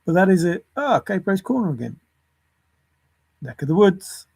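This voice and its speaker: A man's voice: sits high, lively intonation, moderate pace, creaky, long pauses, a little mellow, no room sound. A man rambling alone through lists of words and clues, chuckling to himself as he thinks aloud. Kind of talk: rambling solo puzzle musing.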